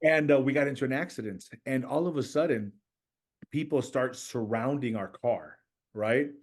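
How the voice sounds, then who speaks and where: A middle-aged man, a church planter and podcast guest, telling stories in conversation and acting out quoted voices with a rising pitch. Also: normal speed. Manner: animated, acts out quoted voices with raised pitch. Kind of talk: storytelling in conversation.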